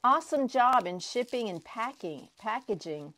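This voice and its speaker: A woman crafting vlogger unboxing prizes she won, gushing and excitable, often repeating herself. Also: fairly high pitch, normal speed. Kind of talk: casual unboxing vlog.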